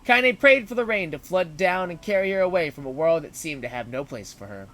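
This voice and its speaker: A man's voice: fairly high pitch, very animated, a little fast, few pauses, a bit bright. A man streaming, reading a story aloud dramatically and breaking in with joking asides.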